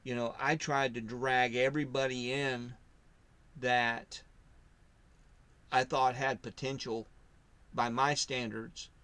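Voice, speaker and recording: A man's voice: mid-range voice, level tone, slow pace, long pauses, clean tone, no echo. Rambling man telling a faith story. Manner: rambling, self-interrupting storyteller who acts out quotes loudly. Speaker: podcast co-host. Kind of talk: casual faith discussion.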